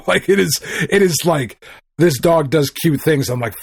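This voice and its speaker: A middle-aged man co-hosting a podcast, chatting casually in an excitable, rambling, profane way. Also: a little high, a little slow, long pauses, slightly rough, dry recording. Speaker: podcast co-host. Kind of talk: casual chat.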